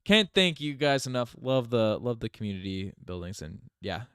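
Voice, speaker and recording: In a medium-pitched, sing-song voice that's a bit bright and clean, a young Newfoundlander talks at normal speed with a light accent from home. He hosts a rambling live stream of casual chat, restarting often and laughing, captured in clean studio sound with no room sound.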